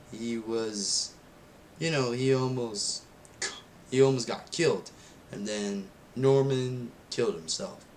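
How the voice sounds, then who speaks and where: A man's voice: medium pitch, slight background noise. Rambling young man reviewing a film. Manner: rambling and excitable, many restarts and "and then". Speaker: channel host reviewing a film.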